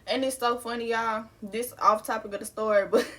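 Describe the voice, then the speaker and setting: Slangy young woman with a higher voice. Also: fairly even intonation, brisk, pushed and bright. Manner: candid, slangy, swears, laughs often. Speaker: vlogger. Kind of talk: casual storytime.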